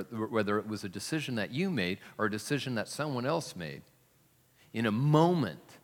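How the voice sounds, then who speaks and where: A man's voice: mid-range voice, pushed and bright. A male pastor preaching a sermon in a church, in a conversational storytelling manner with self-deprecating humor. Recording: long hall reverb.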